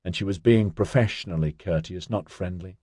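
A man's voice: low voice, fairly quick, mellow, slightly rough, dry recording. Man voicing a wry, dry-humoured grown man.

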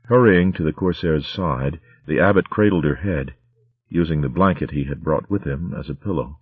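A man reading a story aloud in a steady, measured audiobook narration. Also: a bass voice, breathy edge, dry recording, narrow, tinny audio.

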